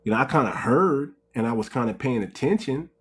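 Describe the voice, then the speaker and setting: A man's voice: mid-range voice, lively intonation, fairly quick. A man hosting a casual livestream, preaching to viewers, calling them "family" and asking rhetorical questions. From United States. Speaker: livestream host.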